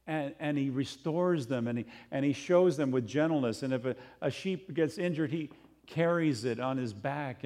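Conversational, animated male preacher. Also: mid-range voice. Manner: conversational, animated, acts out quotes in other voices. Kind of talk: sermon.

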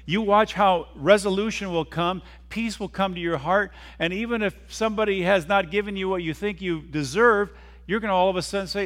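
A middle-aged man preaches with emphatic energy, his voice sitting a little higher than most men's. He acts out the voices of the people he quotes and has his listeners repeat lines after him. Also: a little fast, fairly bright tone. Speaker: pastor. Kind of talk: sermon.

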